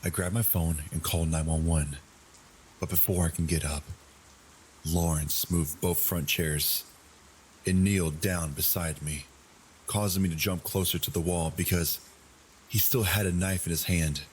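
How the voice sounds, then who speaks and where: Deep-voiced man narrating a scary story. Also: steady tone, measured pace, slight background noise, rough recording. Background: soft rain sounds.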